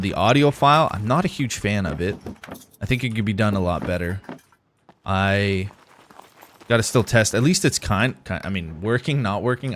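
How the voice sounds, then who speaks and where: A young man streaming a survival game live, rambling easily to his viewers between bits of play. His voice sits low for a man, and he talks in a loose, conversational way. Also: a bit bright, a little hiss or hum. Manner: casual, rambling, talks to chat while playing. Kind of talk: live gameplay commentary.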